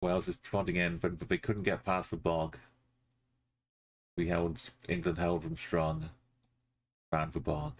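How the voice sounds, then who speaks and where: A man's voice: deep voice, measured pace, creaky, pauses often. A man streaming a geography game, casually muttering place names and making playful asides. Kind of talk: casual live-stream commentary while playing.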